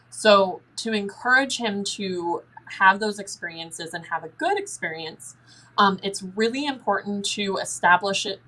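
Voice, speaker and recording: A young woman answering listener questions as a guest in a paranormal Q&A, chatty and lively, often acting out little dialogues. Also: rough recording. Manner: chatty, acts out dialogue in a higher voice.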